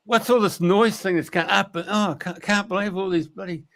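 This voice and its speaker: A man's voice: sits high, fairly even intonation, moderate pace, vocal fry, a bit bright, voice pushed up. A man voicing a cheeky little male nature sprite, curious and blunt.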